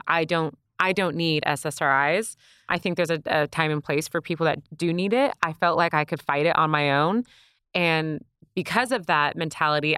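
A woman's voice: deep voice, bright, forceful tone, smooth, no echo, clean studio sound. A woman guest on a podcast, a mom talking in an emphatic, motivational way and acting out what others say. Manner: emphatic, motivational, acts out quoted voices. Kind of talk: casual chat.

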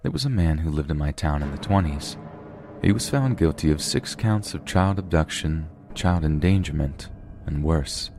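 Very deep-voiced man narrating horror stories. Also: normal speed, faint music behind. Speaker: podcast host and narrator. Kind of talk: scripted horror story narration.

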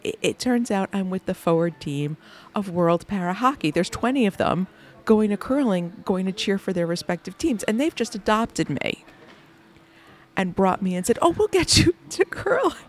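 A woman hosting a podcast, telling a lively anecdote about her day, laughing often and acting out the people she quotes. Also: mid-range voice, moderate pace. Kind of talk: animated anecdotal storytelling.

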